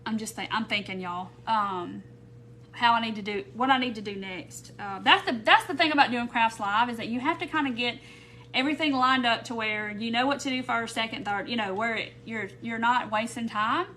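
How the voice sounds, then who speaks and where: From her home craft room, a woman runs a casual live craft tutorial, chatting aimlessly as she works and welcoming viewers by name. Her fairly high voice is pushed and bright at a moderate pace, with a little hiss or hum in the audio.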